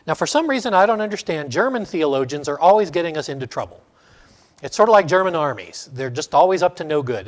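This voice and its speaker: A man's voice: fairly high pitch, lively intonation, quick pace. A middle-aged man teaching a Sunday school class, asking the class questions and telling stories. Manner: storytelling, asks the class questions.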